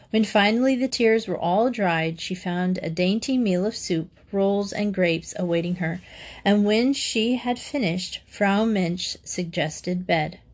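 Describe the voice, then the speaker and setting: A woman reading a classic children's novel aloud in measured, steady narration. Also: medium pitch. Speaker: audiobook reader. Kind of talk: scripted narration.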